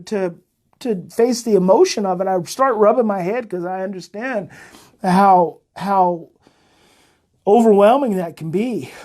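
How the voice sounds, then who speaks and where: A man hosting a heartfelt talk for parents, his voice husky with a breathy edge. He speaks with open emotion and repeats lines for weight. He often eases into a gentle, soothing tone. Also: sits high. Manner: emotional, earnest, repeats phrases, turns soft and soothing. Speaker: parenting coach and show host.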